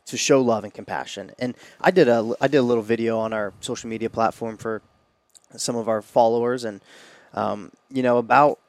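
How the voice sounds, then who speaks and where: A man's voice: mid-range voice, steady tone, a little mellow, no echo. Man co-hosting with short agreeing replies. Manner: brief agreeing replies, halting restarts. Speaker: podcast co-host. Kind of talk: casual chat.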